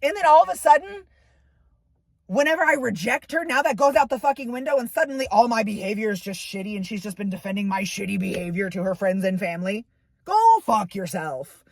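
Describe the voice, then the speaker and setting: A woman's voice: medium pitch, fast, vocal fry, dry recording. A woman venting to camera, ranting in heated, profane bursts about a falling-out. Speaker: vlogger. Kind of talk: angry personal venting to camera.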